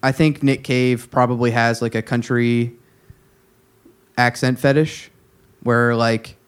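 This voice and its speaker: Male podcast co-host, loose conversational delivery, halting with fillers. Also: medium pitch, little pitch movement, clear, resonant tone. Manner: rambling, many fillers and restarts. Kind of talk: casual music chat.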